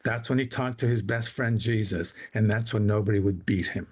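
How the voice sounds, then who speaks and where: A man telling his father's story as a guest on a talk radio show, animated, acting out the voices of the people in it. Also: lowish voice, fairly quick, breathy edge.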